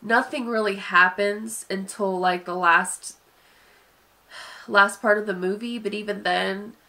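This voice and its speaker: A woman's voice: medium pitch, steady tone, measured pace, pushed and bright. A woman with a sniffly nose giving a casual, hesitant spoken film review, sighing and wandering through her points with many fillers. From Southern United States. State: sniffly from allergies.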